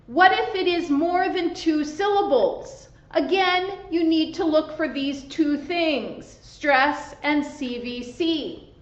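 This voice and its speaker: A woman English teacher giving a slow, deliberate grammar lesson, spelling out letters and stressing syllables carefully. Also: high-pitched. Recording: echoey room, dull lo-fi sound.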